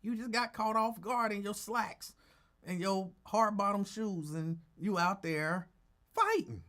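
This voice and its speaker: A man's voice: high voice, a little slow. A male radio talk show host telling a story in a casual, teasing way and acting out the quotes. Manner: animated, teasing, acts out quotes.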